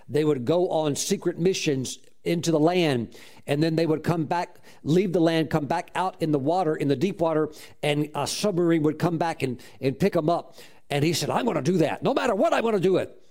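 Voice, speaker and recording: Animated preaching man. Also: on the high side. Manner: animated, exclaims and praises often. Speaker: pastor. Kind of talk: sermon storytelling.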